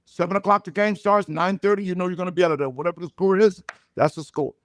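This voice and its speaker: An older man, a comedian guest, telling stories and jokes in a loud, punchy way. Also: high-pitched, fast, no room sound, studio quality. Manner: loud punchy joke delivery, animated storytelling. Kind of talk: storytelling comedy chat.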